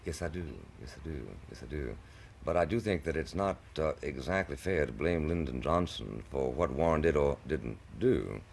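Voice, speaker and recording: A man with an extremely low, gravelly voice argues in long, elaborate sentences. He stumbles and restarts often, picking his words with care. A faint hiss sits behind him. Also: expressive, moderate pace. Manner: ornate, hesitant, stammering restarts. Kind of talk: televised debate.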